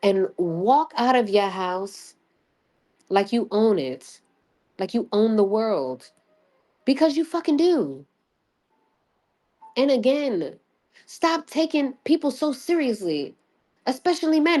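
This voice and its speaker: Excitable swearing woman livestream host. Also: fairly high pitch, slow pace, pauses often. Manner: excitable, swears freely, laughs often; rambling with frequent restarts and fillers. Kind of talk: casual livestream chat.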